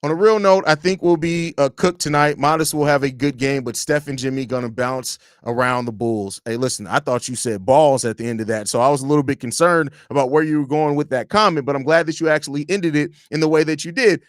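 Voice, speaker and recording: A man with a Chicago accent hosts a live podcast stream, reading chat comments aloud and ranting with blunt, profane energy. His voice is high for a man and brisk, with few pauses. The sound is dry and close, with no room around it.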